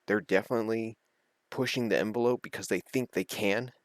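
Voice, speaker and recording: Young guy with a deep voice, chatty and earnest, laughs a lot, dry close sound. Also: fairly even intonation, fairly quick, no room sound. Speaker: video creator. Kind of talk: rambling casual monologue.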